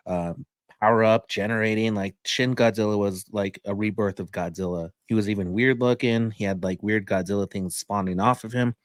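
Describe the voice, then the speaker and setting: Co-hosting a podcast, a man reviews a movie in casual, enthusiastic chat, rambling along with plenty of fillers. He has a fairly low voice, recorded clean in a studio with no echo.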